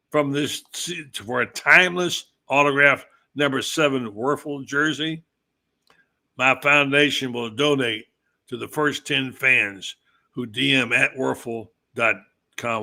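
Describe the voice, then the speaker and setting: A male podcast host in casual sports chat, telling his points in a loose, rambling way. His voice is gravelly with a bright, forward edge, sitting at an ordinary male pitch. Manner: rambling, conversational storyteller.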